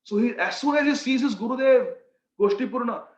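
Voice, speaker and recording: A man preacher telling a story in a sermon, animated and fond of repeating phrases. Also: extremely high pitch, brisk. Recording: echoey, dull sound.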